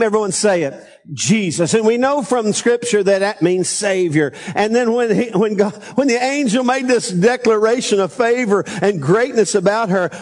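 A man's voice: high voice, moderate pace, darkish tone. A man preaching a conversational Sunday sermon as pastor, prompting the congregation to repeat phrases back. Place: church sanctuary. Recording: long church reverb.

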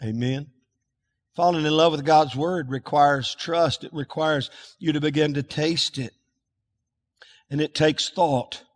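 A man's voice: a little high, fairly even intonation, a little slow, pauses often, long reverb tail. A man preaching a folksy sermon, asking the congregation to call out words back to him. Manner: folksy, calls for congregation responses. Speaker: pastor.

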